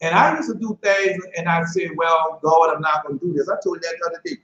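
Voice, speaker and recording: A man preaching an informal sermon, telling stories and reading scripture, excitable and full of slang like "man" and "boy". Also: fairly high pitch, fast talker. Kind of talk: informal sermon and Bible teaching. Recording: echoey room, dull lo-fi sound.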